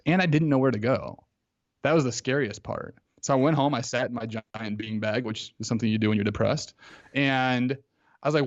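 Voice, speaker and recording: A man in his thirties, a podcast guest telling a personal story in a casual, animated way, full of "like" and acted-out quotes. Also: mid-range voice, fairly quick, muffled recording.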